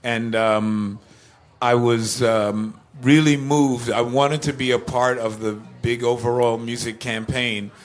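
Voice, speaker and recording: Older man telling animated stories. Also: medium pitch. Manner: animated anecdotes, laughs, acts out quoted voices. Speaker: musician guest. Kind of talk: casual interview storytelling.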